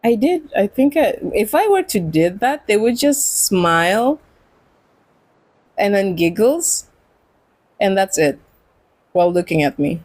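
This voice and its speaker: A woman's voice: mid-range voice, very animated, unhurried, long pauses, darkish tone, dry recording, poor audio. A woman streamer chatting casually while gaming, rambling and giggling often. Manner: giggly and rambling, with frequent laughs and restarts. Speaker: game streamer.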